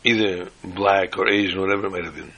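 In a rough recording, a man gives a sermon-style lesson, tells a joke, frequently restarts phrases, and mixes in Hebrew and Yiddish words. His low-sitting voice is gravelly, bright, and husky, moving quickly with fairly even intonation.

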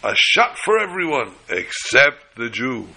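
A man voicing a loud, spiteful show-off. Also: mid-range voice, big pitch swings, measured pace, gravelly, pitched above the performer's own voice, heavily acted. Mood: boastful. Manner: shouting boastful orders.

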